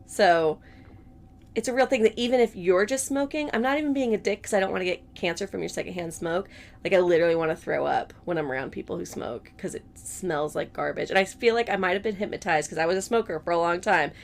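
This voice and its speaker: A woman's voice: on the low side, fast, creaky. A woman co-hosting a podcast in casual chat, blunt and teasing, laughing often. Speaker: podcast co-host.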